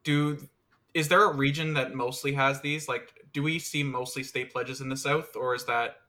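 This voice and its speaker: Man on a podcast panel, chatty, thinking out loud, bright forward voice. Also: mid-range voice, steady tone, normal speed. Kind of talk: casual chat.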